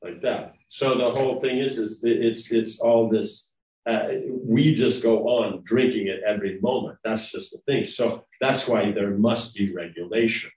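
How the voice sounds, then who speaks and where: A spiritual lecturer gives a devotional class in a rambling, conversational way, often checking in with his listeners. His lowish voice is steady, a little mellow and moderately paced, recorded on a distant mic in a roomy space.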